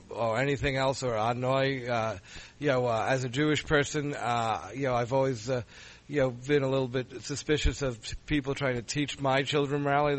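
A middle-aged man moderating a panel, frank but halting, full of fillers. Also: medium pitch, rough recording. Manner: hesitant, many fillers, frank.

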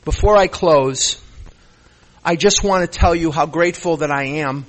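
High-voiced man giving an emotional talk. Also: moderate pace. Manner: earnest, repeats phrases for emphasis; emotional, close to tears. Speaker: recovery meeting speaker. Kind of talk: impassioned speech to a meeting.

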